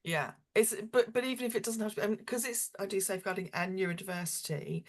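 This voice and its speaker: A woman's voice: mid-range voice, quick pace. A woman asking a question on a video call, hesitant and searching for her words. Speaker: audience member asking a question. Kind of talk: casual chat.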